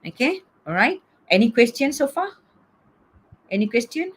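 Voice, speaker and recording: Her voice sits a little high and sounds slightly rough but very animated as she moves at a normal speed through an online lecture. She is middle-aged, teaching over a video call, coaxing students and tacking "okay?" onto almost every point.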